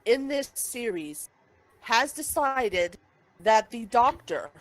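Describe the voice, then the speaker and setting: Heated, high-voiced woman ranting. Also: very animated, fairly bright tone, rough recording. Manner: heated, swears freely, rapid-fire objections. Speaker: podcast co-host. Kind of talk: casual chat, episode review.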